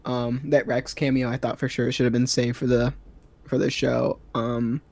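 A man's voice: medium pitch, flat delivery, normal speed, vocal fry, a little mellow. A young man co-hosting a podcast, talking bluntly and profanely with joking bursts of mock anger. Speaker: podcast co-host. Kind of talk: casual podcast chat.

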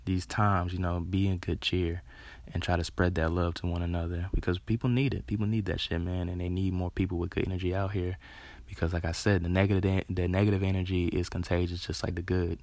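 A man with a very low, gravelly voice gives a rambling motivational talk. He is earnest and casual, leans on "you know", and swears freely. The sound is close and dry. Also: little pitch movement, fairly quick, darkish tone, dry recording.

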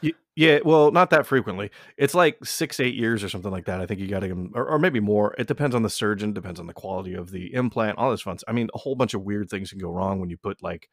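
A man's voice: on the low side, expressive, fast, few pauses, dry recording, studio quality. A young man telling a crude story in casual banter, rambling and restarting often. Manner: rambling, profane, many restarts.

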